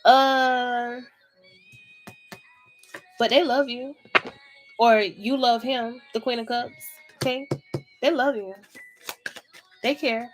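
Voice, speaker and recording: Woman, tarot reader, casual to-camera reading, slightly high voice, blunt and profane. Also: fairly even intonation, slow, pauses often, music in the background.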